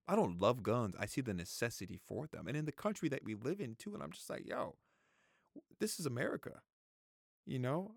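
A man's voice: mid-range voice, vocal fry, no echo, clean studio sound. A man in his thirties giving his opinions in a casual vlog, repeating himself, swearing freely and fighting back tears. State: close to tears. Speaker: vlogger. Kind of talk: casual opinion talk to camera.

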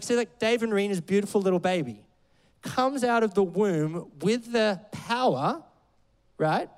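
A man's voice: sits high, darkish tone, long reverb tail. A man preaching a sermon in a loose, conversational way, full of fillers and playful asides. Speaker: pastor. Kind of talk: casual sermon.

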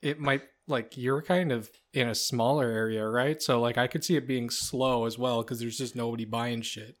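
A young male podcast co-host in easygoing chat, mid-pitched with an ordinary voice. He teases in a dry, deadpan way and gets animated once he launches into a story. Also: moderate pace. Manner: deadpan teasing, animated when telling a story.

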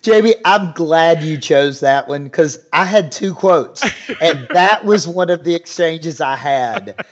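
Podcast co-host, man, slightly high voice, thoughtful and rambling, casual chat, lo-fi audio. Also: expressive, takes it slowly. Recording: dull lo-fi recording.

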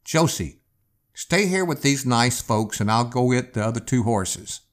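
Steady, gentle frontier husband, unhurried, read by the narrator. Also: male voice, medium pitch, lightly acted. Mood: reassuring. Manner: gentle, reassuring. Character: calm steady pioneer husband, reassuring.

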